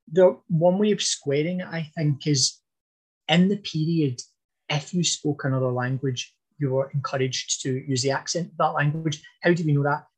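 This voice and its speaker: Man, husky, a bit high, podcast history talker, thoughtful with restarts. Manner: thoughtful, hesitant with fillers and restarts. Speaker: podcast guest expert on history. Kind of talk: casual podcast chat.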